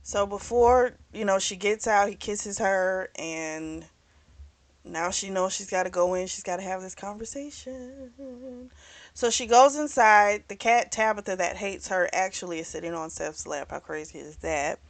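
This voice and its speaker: A woman hosting a book club channel, casually retelling a novel's plot in a chatty, animated way with frequent "you know"s. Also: medium pitch, a little slow.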